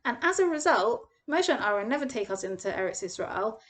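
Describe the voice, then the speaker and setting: A young woman gives a Torah lesson in an animated storytelling manner. Her voice sits high and swings widely. She acts out the people she quotes. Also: brisk. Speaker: Torah teacher. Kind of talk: expressive parsha lesson.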